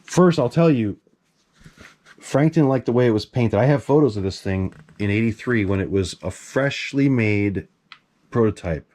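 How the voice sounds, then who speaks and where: Animated man telling a story. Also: fairly low pitch, moderate pace. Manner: animated, excitable, swears casually. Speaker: collector showing his masks. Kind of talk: casual storytelling to camera.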